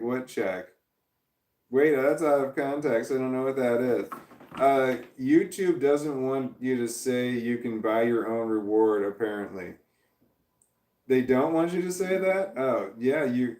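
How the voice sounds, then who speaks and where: A man chats loosely on a late live stream, reading viewers' messages out and laughing along as he wanders off topic. His voice sits at an ordinary middle pitch and tends to crack when he is tired. He sounds set back from the mic in a room with a lot of bounce. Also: darkish tone. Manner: rambling, reads chat messages aloud and laughs often. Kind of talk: casual live-stream chat. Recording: echoey room, distant from the mic.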